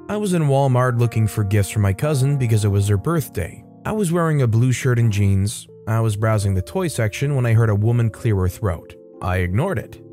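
A man reading posts aloud as a storytime narrator, adding short comments of his own and shifting his pitch a little for quoted lines. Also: mellow. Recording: faint guitar music behind.

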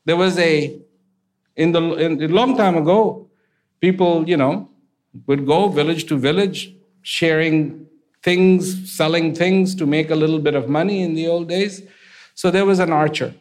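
A man telling folk parables in a casual, animated way, with conversational fillers. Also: fairly high pitch, unhurried. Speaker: storyteller. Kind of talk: casual spoken storytelling.

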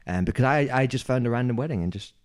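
Male podcast co-host, chatty storyteller, fast delivery. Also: mid-range voice. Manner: animated storyteller, acts out quoted voices, laughs often. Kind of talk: casual chat.

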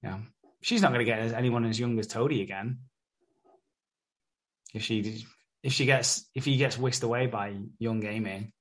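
A man's voice: medium pitch, moderate pace, long pauses. Sweary man recapping casually. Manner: swears freely, retells scenes with quoted voices. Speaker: podcast co-host. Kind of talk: casual chat recapping a soap episode.

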